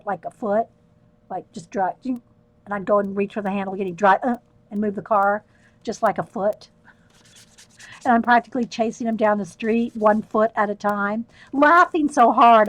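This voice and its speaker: On a painting livestream, a middle-aged woman spins meandering stories and keeps bursting out laughing. She speaks at a medium pitch, and the audio is dry.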